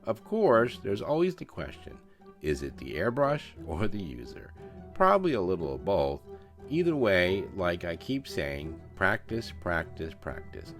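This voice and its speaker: A man's voice: deep voice, huge pitch swings, measured pace, faint music behind. A man narrating a scale model build in a voice-over, with joking, self-mocking banter.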